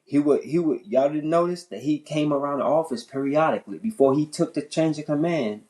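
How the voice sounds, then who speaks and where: A man on a podcast telling a long story in casual chat. He talks in an animated, profane way, often repeating and restarting his phrases. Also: brisk, poor audio. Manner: animated, profane, pitch jumping high when worked up. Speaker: podcast host.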